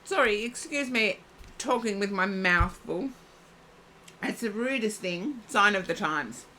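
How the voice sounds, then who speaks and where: A woman's voice: mid-range voice, animated, a little slow, bright, forceful tone, slight background noise. A woman giving a live-streamed oracle card reading, chatting and thinking aloud as she reads. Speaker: psychic card reader.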